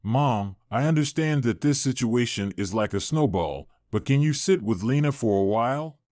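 A man's voice: medium pitch, lively intonation, normal speed, a little mellow, no room sound, studio quality, close to an everyday voice. A man voicing a polite, concerned young man who is helping a lost girl, in an earnest, courteous tone.

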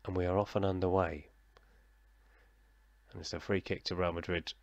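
Male gaming commentator: low gravelly voice, dry close mic, chatty and self-mocking. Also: flat delivery, moderate pace, no room sound, muffled recording. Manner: chatty, self-deprecating, mock commentator, talking to himself. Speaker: gaming YouTuber. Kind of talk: casual let's-play commentary.

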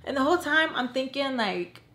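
A woman's voice: high-pitched, lively intonation, fairly quick, sharp tone. A woman in her twenties telling a personal story to camera in a casual vlog, filling her talk with "like" and acting out what people said. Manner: chatty, heavy use of "like", acts out quotes. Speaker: storyteller vlogger.

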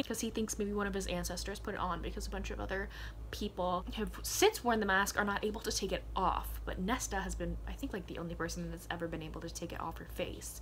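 A young woman with a Southern US accent talks fast at a medium pitch, with a slight hiss or hum in the background. She's a book vlogger chatting casually, gushing excitedly, laughing a lot and saying "like" often.

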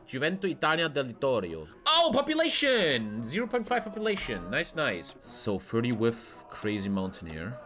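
A man giving casual, excitable gameplay commentary while he plays, swearing often and swinging between loud outbursts and low mutters. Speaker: gaming streamer.

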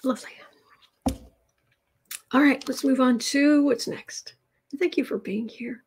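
A woman giving a casual livestreamed tarot reading, drawing her words out and dropping into soft, near-whispered asides. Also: high-pitched, measured pace, slight background noise. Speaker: tarot reader.

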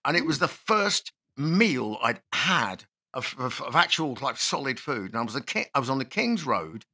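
A man's voice: mid-range voice, sing-song, moderate pace, pushed and bright, husky. A man from the English Midlands hosting a podcast, chatting in a rambling, sweary, boisterous way. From Nottinghamshire, England. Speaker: podcast host. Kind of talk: casual chat.

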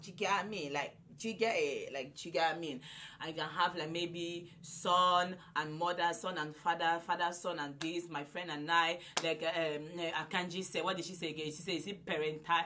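A woman in her twenties vlogging loudly and effusively to a phone camera, repeating herself often. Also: on the low side, slight background noise. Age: 20s. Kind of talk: casual vlog to camera.

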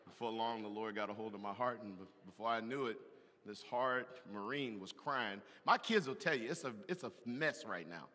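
Pastor, male, sermon delivery: sharp, forceful tone, with the long reverb of a large church hall. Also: fairly low pitch, moderate pace, a little hiss or hum. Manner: animated, preaching with loud emphatic bursts and call-and-response. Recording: echoey hall from a distance.

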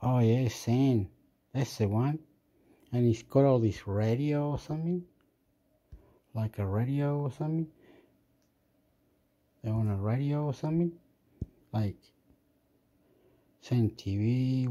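A man's voice: mid-range voice, warm tone. A man rambling to himself while reviewing an app, mumbling and getting annoyed at it. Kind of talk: rambling screen-recording chat.

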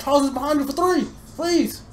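A woman giving live gameplay commentary, excitable and profane, yelling at her teammates, recorded on a desktop USB microphone. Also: high-pitched, fairly quick, soft background music. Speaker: gamer.

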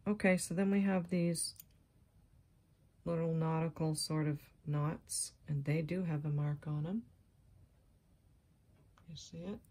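A woman vlogger speaks slowly with long pauses, her voice low and scratchy, chatting casually as she shows off thrifted jewelry. Her manner is gushing and full of excited exclamations, with occasional near-whispers.

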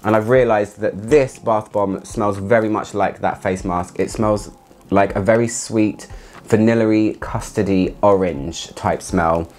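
A man chatting casually through a product review, excitable and laughing often as he talks. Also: lowish voice, unhurried. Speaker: fragrance reviewer.

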